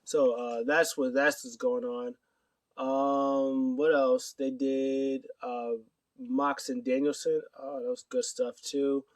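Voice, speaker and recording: A man's voice: mid-range voice, level tone, slow pace, dry recording, recorded from a distance. Rambling casual man, off-mic. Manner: rambling, lots of fillers, acts out quotes. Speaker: wrestling news vlogger. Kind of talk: casual solo recap to camera. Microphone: camera mic.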